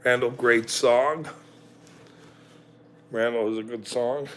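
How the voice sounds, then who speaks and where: A man's voice: mid-range voice, fairly even intonation, takes it slowly, a little hiss or hum. A middle-aged man hosting a livestream, ranting sarcastically and swearing freely as he talks to his chat. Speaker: livestream host.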